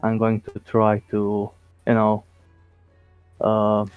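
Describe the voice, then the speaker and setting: A man playing a tabletop game, speaking haltingly with many pauses. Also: on the low side, completely flat delivery, smooth, no echo, faint music behind. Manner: halting, full of uhs. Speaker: player. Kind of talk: tabletop role-play. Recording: dull, dry lo-fi mic.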